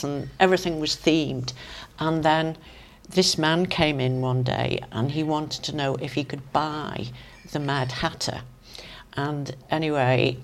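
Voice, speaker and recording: Low-voiced Manx woman telling stories. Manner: chatty storyteller, lively asides. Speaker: interview guest. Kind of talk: casual reminiscing anecdotes.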